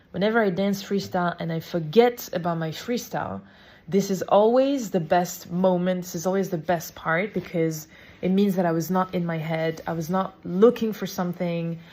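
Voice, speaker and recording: A woman's voice: medium pitch, a little mellow. A woman with a French accent, hosting her own podcast in a casual, reflective monologue. She talks with energy, swears freely and drops French phrases into her speech. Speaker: podcast host.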